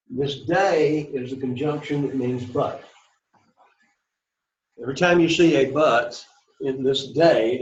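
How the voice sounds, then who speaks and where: A man lectures to a Greek class in a roomy classroom, recorded with a dull, lo-fi sound. He talks at a middle pitch, repeats key phrases, and keeps checking in with the students. The room's echo hangs on his voice. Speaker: Greek teacher.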